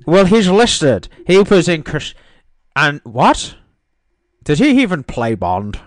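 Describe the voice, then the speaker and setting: Swearing man ribbing his buddy, bouncy high-ish voice, dry. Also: wildly swooping pitch, takes it slowly, no echo. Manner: swearing, mocking, teasing. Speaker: podcast co-host. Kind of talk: casual chat.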